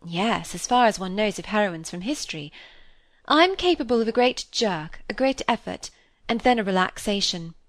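A candid, restless young woman who mocks herself, as a woman reads her. She speaks in a lively, wry, confiding way from a classic novel. The recording is dry and close. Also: medium pitch, moderate pace, dry recording, lightly acted. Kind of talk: reading a classic novel aloud.

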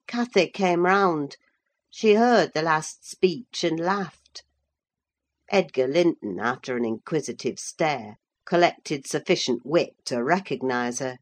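A woman reading a novel aloud, narrating in a steady, measured way. Her voice sits a little low for a woman. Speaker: audiobook reader. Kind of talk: scripted narration.

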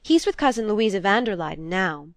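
A woman's voice: mid-range voice, sing-song, brisk, no room sound, clean studio sound. A woman voicing a prim unmarried sister in a book reading, fussy and pleading in a raised voice.

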